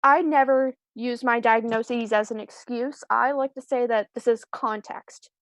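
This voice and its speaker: A woman's voice: fairly high pitch, fairly even intonation, a little slow. A young woman on a video call, chatting casually as a screenwriter guest, rambling and self-deprecating with many ums and restarts. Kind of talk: casual live-stream interview.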